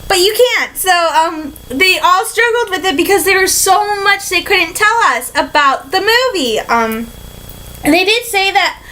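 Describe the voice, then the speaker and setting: A young woman from Michigan recapping a fan convention in a casual vlog, excitable and rambling, full of fillers and "like", sometimes slipping into a put-on British accent. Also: very high voice, measured pace, low-quality recording. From Michigan, USA. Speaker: vlogger.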